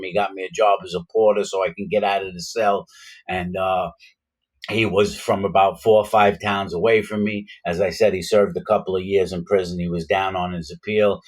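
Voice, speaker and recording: A man with a very low, deep voice tells a personal story in a loose, casual way. He rambles, restarts his sentences and leans on fillers, and he gets louder and more worked up as the story builds. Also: rough recording.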